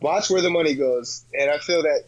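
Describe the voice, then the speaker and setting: A man's voice: on the high side, fairly quick, no room sound, highs cut off. A man in a casual podcast chat, rambling and slangy, full of fillers and restarts.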